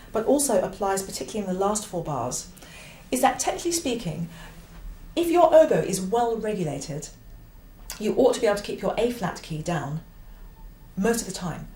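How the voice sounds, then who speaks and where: A woman teaching the oboe, explaining a piece with clear emphasis and now and then singing a phrase. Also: mid-range voice, warm tone, roomy sound, a little hiss or hum. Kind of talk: instructional explanation.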